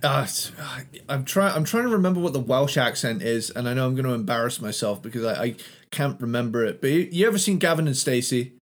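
A man's voice: mid-range voice, lively intonation. Laid-back man co-hosting a music podcast. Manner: laughs often, halting restarts. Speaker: podcast co-host. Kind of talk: casual chat about albums.

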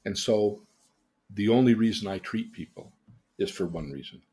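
A man's voice: lowish voice, normal speed, mellow, breathy edge. A man teaching about emotional independence by telling theatrical stories, exclaiming and then questioning his listener. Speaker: therapist and teacher. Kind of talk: animated storytelling lesson.

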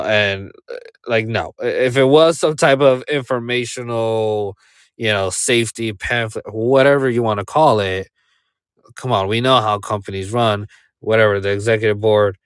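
A man's voice: on the low side, clear, resonant tone, no room sound, studio quality. A man giving casual commentary on a remote call as podcast co-host, rambling with many fillers and rhetorical "right?" checks.

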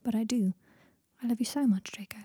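A woman voicing an earnest, affectionate young man, often soft and hushed, quick to flare up. The voice is husky and mellow. She is an audiobook reader doing his part. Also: fairly high pitch, no echo, clean studio sound. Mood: tender.

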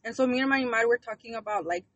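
A woman's voice: fairly high pitch, very fast, fairly bright tone, no echo, dull audio. A woman in her early thirties co-hosting a podcast, talking bluntly, swearing and mixing English with Spanish. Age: 30s. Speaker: podcast co-host. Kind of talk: casual podcast chat.

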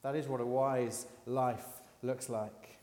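A man's voice: mid-range voice, steady tone, slow pace, mellow, in a large hall. A man giving a conversational sermon, asking the congregation questions as he goes. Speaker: preacher. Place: church.

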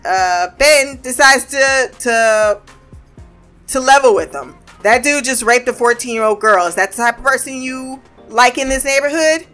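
A woman casually recapping a TV episode, animated and profane, acting out the characters' lines. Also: fairly high pitch, unhurried, faint music behind.

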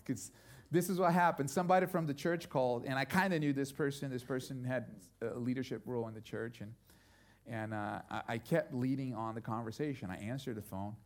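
A middle-aged male pastor preaching a sermon, telling a story and moving from quiet, intimate passages to loud, emphatic ones. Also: medium pitch, fairly quick.

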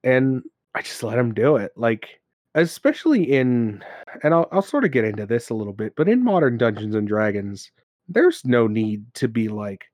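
A man's voice: mid-range voice, normal speed, no room sound, studio quality. Laughing man telling game stories. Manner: animated storyteller, laughs often, acts out characters. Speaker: podcast co-host and game master. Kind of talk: casual chat about tabletop games.

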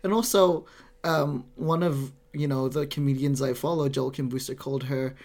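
Woman co-host, very low pitch, easygoing and enthusiastic. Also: fairly even intonation, moderate pace, a little mellow. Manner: enthusiastic, agreeable, lots of fillers. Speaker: podcast co-host. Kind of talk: casual chat.

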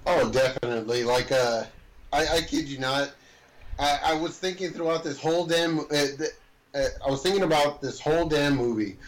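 A man's voice: on the high side, normal speed, low-quality recording. A man in casual chat about a horror movie, meandering, correcting himself, and swearing mildly.

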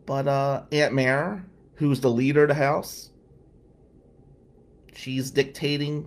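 A man's voice: medium pitch, level tone, slow, pauses often. A man telling a personal story in a candid, emotional way, with sighs along the way. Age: adult, past law school. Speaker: storyteller recounting his past.

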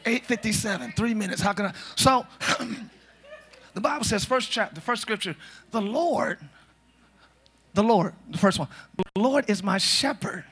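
High-voiced, bright-toned preacher man. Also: husky. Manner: animated, joking, breaks into shouts. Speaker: pastor. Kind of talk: lively preached sermon. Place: church service. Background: congregation responding.

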